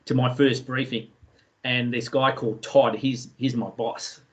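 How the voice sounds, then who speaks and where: An Australian man telling a story in a relaxed way, with many fillers, as a guest speaker in an online session. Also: mid-range voice, a little slow. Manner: chatty, anecdotal, many fillers.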